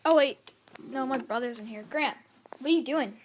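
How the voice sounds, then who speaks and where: A woman's voice: high voice, moderate pace, a little hiss or hum. A young girl vlogging casually to camera at home, rambling and apologizing a lot, with little giggles. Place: at home in a room.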